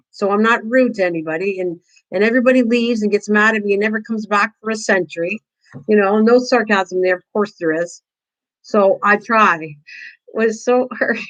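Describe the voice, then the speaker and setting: A woman's voice: medium pitch, fairly bright tone, rough recording. An older woman hosting a casual live-stream craft tutorial, chatting with viewers, teasing them and laughing often.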